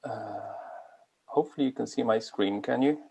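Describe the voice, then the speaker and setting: A man with an Irish accent giving an online medical lecture over a video call, speaking deliberately slowly and carefully. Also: mid-range voice, gravelly, mellow, slight background noise. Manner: deliberately slow and careful delivery. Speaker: guest lecturer.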